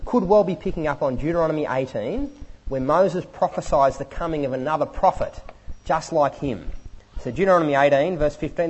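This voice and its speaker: A man preaching a sermon in an animated, conversational way, often correcting himself mid-sentence. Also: on the high side, normal speed, breathy edge, rough recording.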